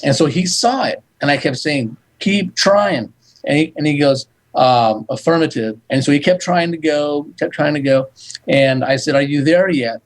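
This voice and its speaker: Man telling a story, slightly high voice. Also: low-quality recording. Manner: animated, recounts dialogue in quick back-and-forth. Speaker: psychic medium guest. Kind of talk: storytelling in a radio interview.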